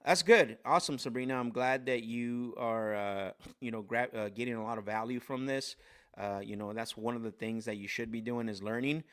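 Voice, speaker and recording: A man's voice: medium pitch, fairly even intonation, normal speed, a bit bright, clean tone. A man hosting a live sales coaching stream, telling stories with lots of energy, restarts and fillers.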